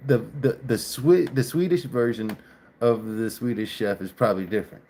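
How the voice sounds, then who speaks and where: A man with a drawl chats loosely with his livestream viewers at an everyday pitch. He laughs often and lets a mild curse slip now and then. A faint hiss sits under his voice. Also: expressive, normal speed, mellow. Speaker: livestream host. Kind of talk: casual live chat.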